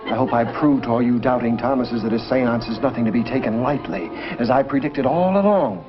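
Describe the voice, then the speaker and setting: A man's voice: mid-range voice, a little fast, natural voice. A man acting a grand, theatrical seance leader in an old sitcom. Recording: muffled old TV sound, music and audience.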